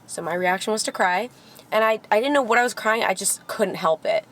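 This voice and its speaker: A young woman in the Los Angeles area tells a personal story for her vlog, candid and heartfelt, sprinkling in plenty of "like." Her voice is medium in pitch, a little bright, and she talks briskly.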